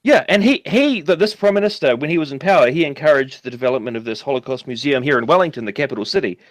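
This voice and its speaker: A man's voice: medium pitch, animated, fast, no room sound. A man from New Zealand with a New Zealand accent, calling in to a casual chat and talking in a rambling, profane way full of fillers. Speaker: caller.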